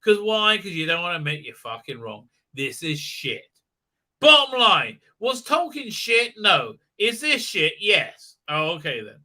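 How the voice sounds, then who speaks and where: Sarcastic, profane man ranting bright and forceful. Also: sits high, wildly swooping pitch, measured pace. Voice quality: hesitant with many uh fillers. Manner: profane, sarcastic, mocking, mimics characters in silly voices. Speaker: show host. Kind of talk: ranting commentary livestream.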